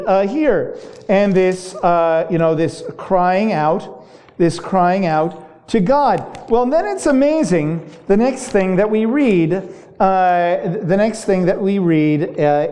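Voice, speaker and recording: This preacher talks through the text as if chatting with the congregation, stopping to correct themselves and circling back with "you know" and "right?". The pitch sits in the middle, and it rises and presses harder whenever they take on the psalmist's cries. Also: warm tone. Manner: conversational, with many fillers and restarts. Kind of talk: sermon.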